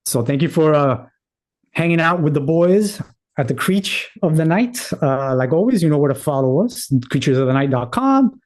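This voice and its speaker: A man's voice: fairly high pitch, expressive, normal speed. A man co-hosting a podcast in loose, rambling casual chat, laughing easily. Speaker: podcast co-host.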